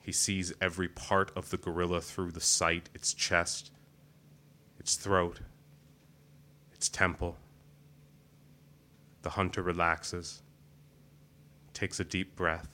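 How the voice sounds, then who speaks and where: Deep-voiced man performing spoken word. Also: level tone, sharp tone. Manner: measured, deliberate reading. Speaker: open mic poet.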